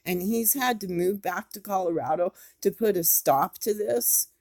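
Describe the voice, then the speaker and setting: A woman's voice: medium pitch, normal speed, darkish tone. A woman, speaking in an impassioned, scolding commentary vlog. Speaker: YouTube commentator.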